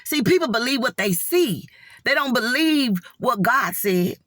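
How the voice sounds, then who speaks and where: A woman's voice: on the high side, animated, measured pace, a bit bright, no echo, clean studio sound. A middle-aged woman giving a heartfelt, earnest faith testimony in casual talk, often calling her listeners y'all. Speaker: nurse sharing a faith testimony. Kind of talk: casual spoken testimony to viewers.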